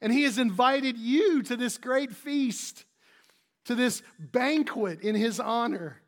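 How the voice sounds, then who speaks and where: A man's voice: very high-pitched, takes it slowly, voice pushed up. A man voicing baffled fellow dinner guests who scold in disbelief. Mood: incredulous. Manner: incredulous, scolding.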